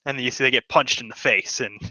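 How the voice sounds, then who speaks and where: A man's voice: medium pitch, fairly even intonation, quick pace, pushed and bright, no room sound, low-quality recording. A man narrating a tabletop game as game master, in a rambling way full of fillers.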